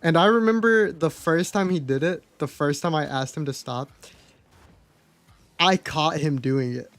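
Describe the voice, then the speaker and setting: Candid young man with a higher voice. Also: unhurried, fairly bright tone, dry recording. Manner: chatty and candid, swears freely. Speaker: livestreamer. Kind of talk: casual storytelling to a live chat.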